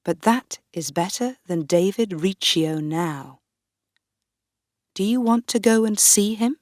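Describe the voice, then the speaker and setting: A woman's voice: mid-range voice, expressive, slow, darkish tone, no echo, studio quality. A woman playing a sneering young king. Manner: mocking, sneering. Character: sneering young male king, spiteful husband. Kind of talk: graded reader audiobook.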